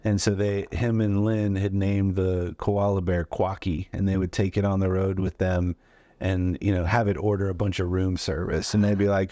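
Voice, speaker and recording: A man's voice: deep voice, flat delivery, normal speed, mellow, no room sound. A man in his forties, a comedian, telling loose and rambling stories in a casual chat, full of fillers. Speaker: guest comedian. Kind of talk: casual storytelling.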